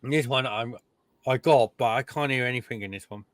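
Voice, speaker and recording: A man's voice: medium pitch, moderate pace, no echo. A man co-hosting a podcast, chatting casually about recordings, laughing often and trailing off mid-sentence. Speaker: podcast co-host. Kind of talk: casual chat reacting to recordings.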